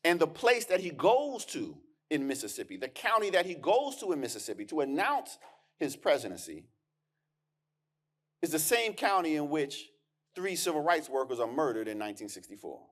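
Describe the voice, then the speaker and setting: A man's voice: fairly high pitch, sing-song, moderate pace. A man giving a keynote lecture as a historian, emphatic and conversational, with punchy asides and words repeated as he restarts. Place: lecture hall.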